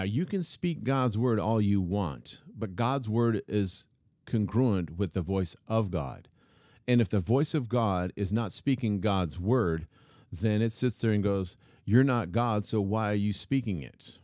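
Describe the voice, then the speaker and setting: A man's voice: lowish voice, expressive, takes it slowly, dark tone, no echo, studio quality. A man preaching a sermon, emphatic, repeating key phrases and reading scripture aloud. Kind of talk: sermon teaching.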